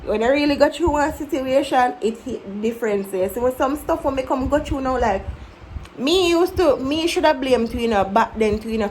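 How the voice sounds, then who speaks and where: A woman in her twenties speaks with a Jamaican accent in a fairly high voice. She talks to camera in a candid, reflective vlog style and tells her stories with animation. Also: slight background noise, rough recording. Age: 20s. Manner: candid, animated, breaks into mimicking her younger self. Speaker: vlogger. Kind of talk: casual reflective storytelling to camera.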